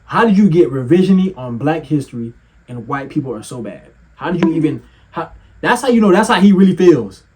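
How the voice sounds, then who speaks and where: A man giving heated reaction commentary with a mocking, animated manner, swearing and laughing often. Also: fairly high pitch, fairly quick, husky.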